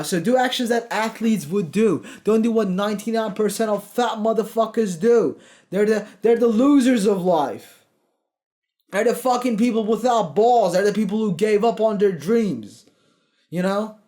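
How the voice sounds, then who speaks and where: A man's voice: high voice, unhurried, darkish tone. A young man in his twenties, a fitness coach giving a blunt, profane, pushy motivational talk. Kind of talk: casual motivational vlog.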